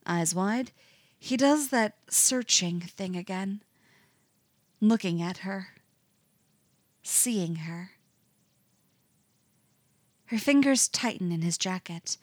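A woman narrates a romance story slowly and intimately, lingering over each line. Her voice sits at a middle pitch, and the recording is dry and close with no room sound. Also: no room sound. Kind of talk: reading fan fiction aloud.

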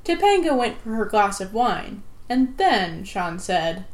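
A woman narrating a novel with even, steady storytelling. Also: medium pitch, unhurried. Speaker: audiobook narrator. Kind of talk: scripted narration.

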